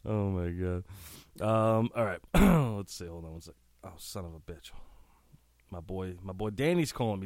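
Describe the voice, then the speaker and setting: A man hosting a casual solo podcast, reading out lines with crude asides, sniffly and clearing his throat often. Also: sits low, moderate pace, a little mellow, no room sound, clean studio sound. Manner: crude, laughing, breaks off into asides. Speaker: podcast host.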